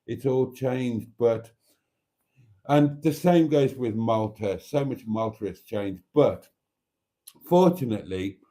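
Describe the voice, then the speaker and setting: A man's voice: mid-range voice, takes it slowly, mellow. A man hosting a live stream from his motorhome, chatting in a rambling, easygoing way and laughing easily. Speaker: channel host.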